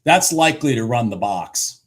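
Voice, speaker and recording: Excitable husky man calling trades. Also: medium pitch, moderate pace. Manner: excitable, swings from shouting to muttering; swears and repeats himself. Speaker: livestream day trader. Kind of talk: live trading commentary.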